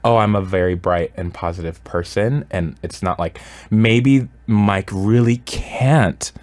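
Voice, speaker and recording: A man's voice: lowish voice, measured pace, darkish tone. A man talking as a radio guest, chatting casually and giving advice, full of "like" fillers.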